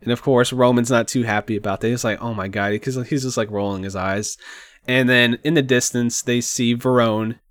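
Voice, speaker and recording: Casual male podcast co-host, rambling movie recap, mid-pitch voice, dry close sound. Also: normal speed, no room sound. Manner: relaxed, rambling, says "like" often.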